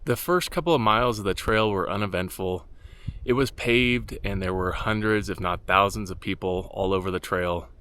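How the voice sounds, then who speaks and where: A man with a slightly low voice tells his trail story outdoors in a dry, deadpan way. He keeps jokes flat and matter-of-fact, like a running vlog narration. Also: moderate pace, clean tone. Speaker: hiking vlogger.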